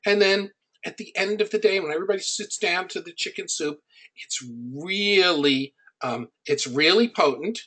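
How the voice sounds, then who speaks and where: A man's voice: sits high, normal speed, sharp tone. A middle-aged man coaching an audience on building an online business. He teaches through personal stories and speaks in a conversational, anecdotal way, hitting his key points with emphasis.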